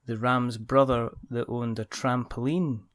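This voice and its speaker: A man's voice: medium pitch, little pitch movement, a little slow, slight background noise. A man hosting a podcast, wrapping up the show with jokey plugs and thanks. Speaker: podcast host. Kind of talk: casual chat and show outro.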